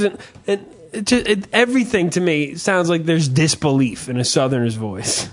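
High-voiced crude radio host. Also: male voice, moderate pace, hardly any pauses. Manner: crude, joking, laughs often. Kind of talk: casual call-in radio talk.

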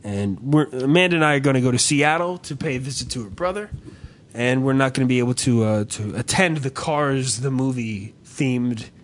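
Man, young adult, average pitch, profane, ranting, animated storyteller, casual podcast chat. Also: moderate pace. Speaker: podcast co-host.

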